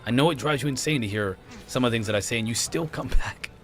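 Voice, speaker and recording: A man's voice: medium pitch, fast. A man hosting a casual podcast, rambling and often restarting his sentences. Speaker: podcast host. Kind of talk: casual conspiracy podcast chat.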